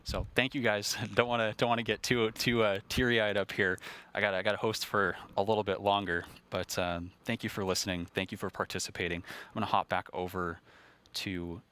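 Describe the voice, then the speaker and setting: A man's voice: fairly low pitch, little pitch movement, fairly quick, sharp tone, smooth. A man hosting a live broadcast, ad-libbing in a chatty, self-deprecating way with frequent restarts. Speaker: livestream host.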